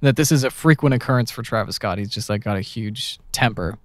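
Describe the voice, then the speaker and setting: A man hosting a casual podcast, telling anecdotes in a lively, animated way. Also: fairly low pitch, brisk, no room sound, studio quality. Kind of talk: casual podcast chat, storytelling.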